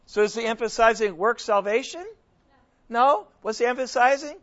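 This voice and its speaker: A man's voice: high-pitched, lively intonation, unhurried, a bit bright. A man preaching and teaching scripture to a group, questioning his listeners, with frequent restarts. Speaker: preacher leading a Bible study. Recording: dull lo-fi recording.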